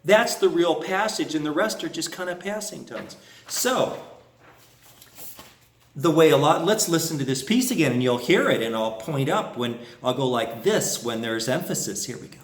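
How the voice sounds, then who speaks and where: A man's voice: a little high, animated, moderate pace, roomy sound, distant mic. A man teaching harmonica phrasing, explaining and humming phrases to show them. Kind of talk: music lesson with played examples.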